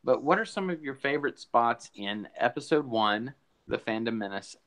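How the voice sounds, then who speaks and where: A man's voice: medium pitch, animated, normal speed, a bit bright, poor audio. A man co-hosting a podcast, rambling casually with lots of fillers and restarts, a little out of breath. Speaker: podcast co-host. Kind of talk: casual chat.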